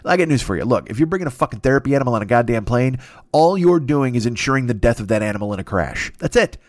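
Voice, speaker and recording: A solo podcast host wanders through a monologue full of profanity and self-mockery, yawning, weary and stuffy-nosed. He talks quickly and animatedly at a medium pitch, with no echo.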